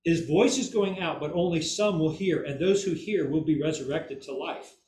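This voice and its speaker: A man's voice: fairly high pitch, moderate pace, a little mellow, a little hiss or hum. A man giving an informal Bible teaching who keeps checking in with "okay?" and "right?" and repeats words for emphasis. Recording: echoey room, mic far off, faint ambience.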